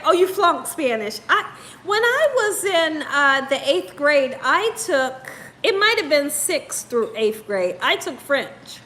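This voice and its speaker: A woman with a high, lively voice chats slowly with viewers on her cooking live stream. She giggles often between remarks and sounds tired. Her tone is bright and clear. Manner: giggly, laughs often while reading comments. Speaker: cooking show host. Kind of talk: casual live-stream chat.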